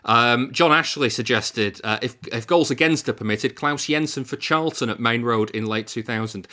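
A man's voice: mid-range voice, normal speed, pushed and bright. A man co-hosting a podcast, telling anecdotes and laughing at his own stories. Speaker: podcast co-host. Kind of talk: casual chat, anecdotes.

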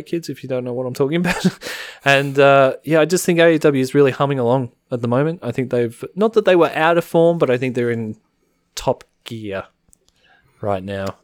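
A man's voice: mid-range voice, no room sound, studio quality. A man co-hosting a casual podcast, laughing often, swearing freely and acting out quoted lines in playful voices. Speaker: podcast co-host. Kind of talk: casual wrestling podcast chat.

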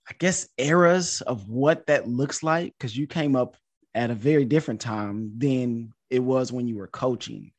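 A man hosting a podcast interview, asking questions and chatting with quick asides. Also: mid-range voice. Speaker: podcast host. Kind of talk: casual interview chat.

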